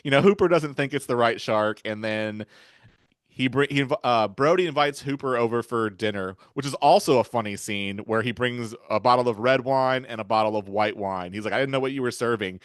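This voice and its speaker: A man's voice: mid-range voice, normal speed, clean tone, dry recording, studio quality. A man hosting a podcast, retelling film scenes in a rambling, casual way with chuckles. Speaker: podcast host.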